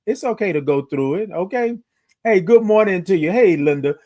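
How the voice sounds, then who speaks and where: Male morning-stream host on a phone, high and very lively, reads out viewer comments and stretches out his greetings. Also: normal speed, dull audio. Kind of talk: upbeat live-stream chat greeting viewers.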